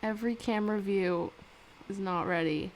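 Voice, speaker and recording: A woman's voice: mid-range voice, normal speed, a little hiss or hum, low-quality recording. A young woman vlogging alone, talking to herself in a casual, swear-heavy, dramatic way while she fights with her camera setup and sings snatches of songs. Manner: chatty, swears freely, dramatic complaints. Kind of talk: casual solo vlog with singing.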